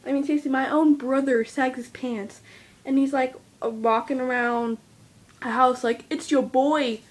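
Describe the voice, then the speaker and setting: High-voiced chatty female vlogger. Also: fairly even intonation, moderate pace. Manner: chatty, mock-dramatic, giggly. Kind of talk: casual vlog chat.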